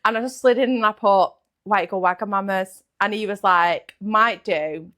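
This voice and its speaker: A woman's voice: medium pitch, normal speed, pushed and bright. Young woman, pregnant, chatting as a guest, blunt jokey storyteller who swears a lot. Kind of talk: casual interview chat.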